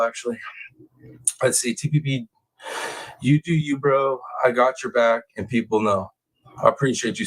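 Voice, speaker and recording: A man's voice: fairly low pitch, fairly bright tone, rough recording. A man hosting a true crime live stream, ranting bluntly with swearing and "y'all", then reading out viewer names. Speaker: true crime livestream host. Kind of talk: casual live-stream rant and chat reading.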